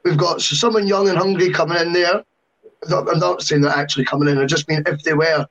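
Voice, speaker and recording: Chatty high-voiced man. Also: steady tone, fairly quick, fairly bright tone, dull audio. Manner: chatty, long-winded with asides. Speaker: podcast co-host. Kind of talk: casual football podcast chat.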